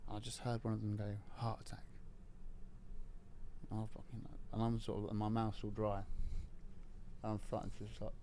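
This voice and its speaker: A middle-aged man telling a story in casual podcast talk, animated and swearing, breaking into laughter. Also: lowish voice, normal speed, pauses often, slight background noise. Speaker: podcast guest.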